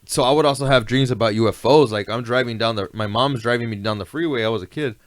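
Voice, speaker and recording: Speaking fast at medium pitch on a dry recording, this guest rambles through laid-back stories in a casual storytelling chat, frequently tossing in "you know what I mean."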